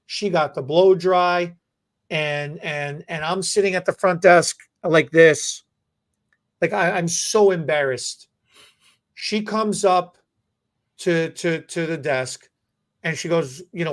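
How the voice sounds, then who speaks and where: A man's voice: high-pitched, fairly bright tone. A man in his forties telling a personal story on a podcast. He stammers and restarts often, and the telling is heartfelt and casual. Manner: halting, with many restarts and stammers, emotional. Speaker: podcast host and hairstylist.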